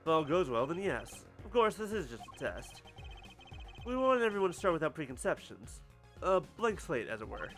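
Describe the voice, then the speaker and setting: A performer voicing a wry, calm male mentor lawyer. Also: mid-range voice, faint music behind, close to an everyday voice. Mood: teasing. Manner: dry, teasing, unhurried. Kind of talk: fan voice-over of a game.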